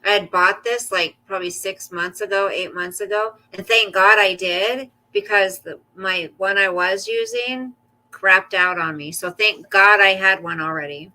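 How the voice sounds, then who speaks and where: A woman's voice: medium pitch, measured pace, pushed and bright, poor audio. A woman hosting a casual livestream, chatting with viewers about her day and cooing at her dog in baby talk. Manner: reads and answers viewer comments aloud. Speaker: livestream host.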